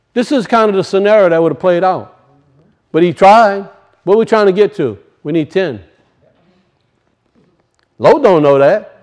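High-voiced Cajun preacher. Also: male voice, moderate pace, long pauses, darkish tone. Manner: emphatic, questions the congregation, folksy dialect grammar. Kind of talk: sermon.

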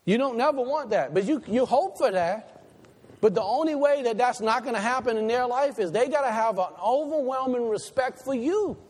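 Animated preacher in a reverberant hall. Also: male voice, normal speed. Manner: animated preaching, rising to high emphatic peaks and dropping to quiet asides. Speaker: pastor. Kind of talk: sermon.

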